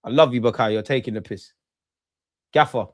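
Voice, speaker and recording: Excitable man reacting live. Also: mid-range voice, fairly quick, no echo. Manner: excitable, swears, talks to chat and players. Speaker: football watchalong host. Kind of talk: live match reaction to chat.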